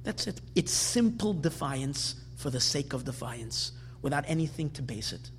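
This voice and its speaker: A man giving a religious lecture, telling stories with animated, emphatic delivery that builds to forceful peaks. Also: medium pitch, normal speed, a little hiss or hum. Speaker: Torah teacher.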